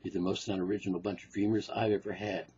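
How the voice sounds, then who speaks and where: A man's voice: sits low, level tone, quick pace, warm tone, husky, voice pushed down. A man playing a sarcastic, contemptuous male psychiatrist, speaking in dry, sneering asides in a stage play recording. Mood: scornful. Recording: dull lo-fi recording.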